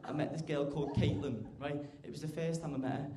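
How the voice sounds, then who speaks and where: A teenage man doing a stand-up comedy routine, chatty, tagging lines with "right?" and getting loud when acting out scenes. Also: fairly high pitch, fairly even intonation, fast talker, noisy background. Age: teens. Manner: chatty, keeps asking "right?", bursts loud for acted bits. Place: large comedy club stage. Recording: echoey live club room.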